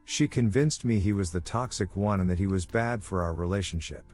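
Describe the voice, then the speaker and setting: Male story narrator, low-pitched, steady read, soft music bed. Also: a little fast. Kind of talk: reading an online story aloud.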